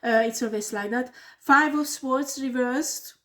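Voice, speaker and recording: Woman, tarot reader, blunt, emphatic, slightly high voice. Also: unhurried, bright, forceful tone. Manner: blunt, emphatic, swears when upset. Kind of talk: tarot reading video.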